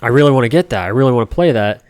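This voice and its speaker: A man's voice: mid-range voice, lively intonation, rapid-fire, a little mellow, clean tone, no room sound, studio quality. A man in his thirties, a game streamer, telling a casual story that rambles with plenty of "you know" and "like". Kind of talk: casual storytelling while playing.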